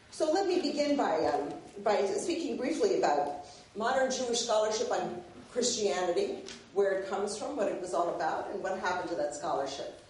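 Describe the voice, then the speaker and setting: A woman's voice: medium pitch, a little hiss or hum. Woman lecturing in an echoey hall. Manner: animated, laughs while reading a favorite passage. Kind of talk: academic lecture. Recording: echoey hall, mic at a distance.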